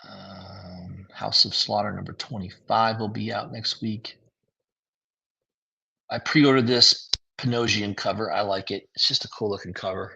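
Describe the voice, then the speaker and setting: Gravelly, husky man chatting casually. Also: fairly low pitch, fairly even intonation, unhurried, pushed and bright. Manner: laid-back, rambling, lots of fillers. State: tired, yawning. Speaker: comic book reviewer. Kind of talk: casual livestream commentary.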